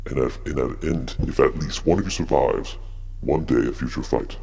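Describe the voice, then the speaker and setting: A man's voice: normal speed, darkish tone, exaggerated voice. A man voicing an ancient spirit that speaks in solemn rhyming pronouncements and gives out a quest. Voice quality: deep gravelly.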